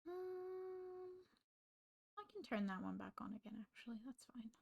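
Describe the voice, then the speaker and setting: A woman's voice: extremely high pitch, very animated, measured pace, creaky, a little mellow. A young woman, livestreaming casually while she studies, rambling to her chat and reading notes aloud into a desk microphone. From Australia.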